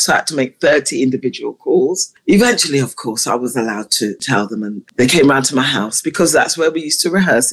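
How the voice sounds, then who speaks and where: A woman's voice: extremely low pitch, breathy edge. A woman choir conductor, a guest in an interview, telling stories with animation and frequent laughter. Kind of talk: interview storytelling.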